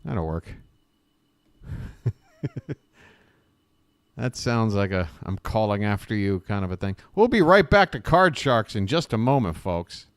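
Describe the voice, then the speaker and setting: Male streamer, lowish voice, dry sound; casual, sarcastic, rambling riffing. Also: animated, normal speed, hardly any pauses, clean tone, dry recording. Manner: rambling, self-interrupting. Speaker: live-stream host. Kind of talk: casual live-stream commentary.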